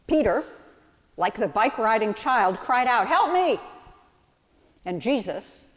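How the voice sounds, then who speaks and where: A woman's voice: mid-range voice, lively intonation, a little slow. Woman preaching in a reverberant hall. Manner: reflective storytelling with vivid analogies. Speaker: pastor. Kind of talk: sermon.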